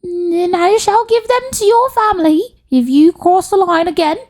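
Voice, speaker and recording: A woman putting on a haughty, pompous voice in a put-on accent, proclaiming justice in a high register. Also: moderate pace, a little mellow. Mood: triumphant. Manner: pompous, declaiming.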